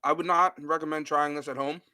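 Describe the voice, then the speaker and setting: Young male guest, laid-back and easygoing, bright tone, dry close mic. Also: on the high side, a little fast, no echo. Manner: relaxed, laid-back, short replies. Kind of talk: casual chat.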